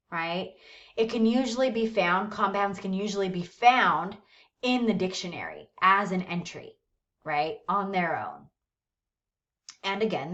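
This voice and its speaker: A woman's voice: medium pitch, a bit bright. A woman teaching English, patiently walking through a lesson and checking in often with her listeners. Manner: slows down to model pronunciation of words. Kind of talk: recorded classroom lesson. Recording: dull lo-fi recording.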